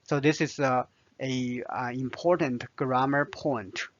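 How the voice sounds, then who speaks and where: A man with a Chinese accent teaching Mandarin vocabulary and grammar, explaining slowly with small restarts. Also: mid-range voice, steady tone, no room sound, dull audio. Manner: slow, careful, with restarts and fillers. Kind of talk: language lesson narration.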